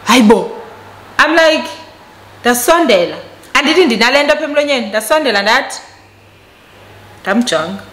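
A South African woman telling a story on her vlog, animated and switching between Xhosa and English. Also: a little high, normal speed, long pauses. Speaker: vlogger. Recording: echoey room recording.

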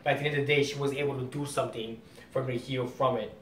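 A man's voice: fairly even intonation, rapid-fire. A man hosting a casual comic reaction video, rambling and explaining as he goes. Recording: roomy distant mic, faint rumble.

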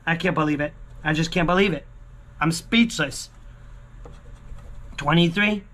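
A man vlogging a lottery scratch-off, talking excitedly to his viewers, repeating exclamations and swinging from hushed murmurs to yelling. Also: a little high, a little slow. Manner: exclamatory, keeps repeating himself and calling out to viewers. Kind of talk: excited casual vlog commentary.

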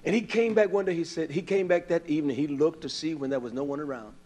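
An older man preaches a sermon, animatedly telling stories and acting out the voices of the people in them. His pitch is fairly high, and he talks fast.

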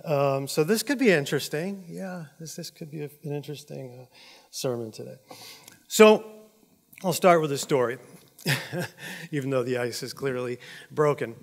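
A man's voice: a little high, normal speed, creaky, long pauses, big-room sound. A male pastor preaching to his church with a swollen jaw after oral surgery, joking at his own expense and acting out dialogue in his stories. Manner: joking and self-deprecating, acts out dialogue. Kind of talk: sermon. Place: church auditorium.

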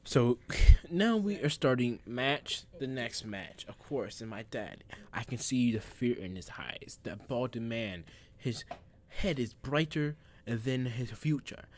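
Deadpan boasting young man vlogger. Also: slow pace. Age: young adult. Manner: deadpan boasting, mock trash talk, drops to quiet low mumbling. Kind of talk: joking voice-over commentary. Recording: crowd noise behind.

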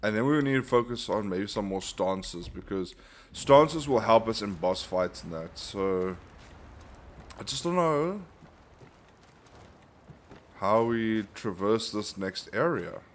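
Male gaming host, low voice, casual play-along commentary with frustrated outbursts. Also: animated, slow, long pauses, slight background noise. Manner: thinks aloud, bursts into frustrated outbursts.

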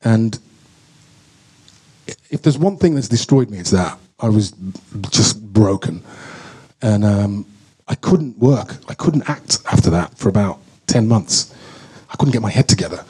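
A man telling a candid, emotional story as a guest at a live on-stage Q&A, full of halting restarts. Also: lowish voice, expressive, mellow, breathy edge. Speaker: guest actor. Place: stage in front of an audience.

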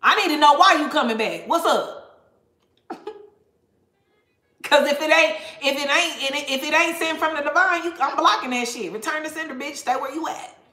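A woman's voice: high-pitched, moderate pace, pushed and bright, roomy sound. A woman tarot reader talking casually to viewers, blunt and profane, laughing often. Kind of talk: casual tarot reading livestream rant.

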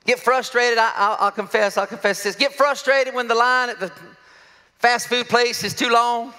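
A middle-aged pastor preaching a sermon, joking and laughing often with self-deprecating asides. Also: male voice, very high voice, steady tone, moderate pace, sharp tone, clean tone, long reverb tail. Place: church sanctuary.

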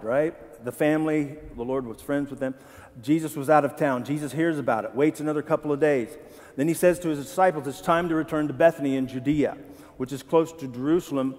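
Heard with a long reverb tail, a male pastor with a fairly high, slightly mellow voice gives a sermon in a church sanctuary. He keeps it conversational, often questioning the congregation.

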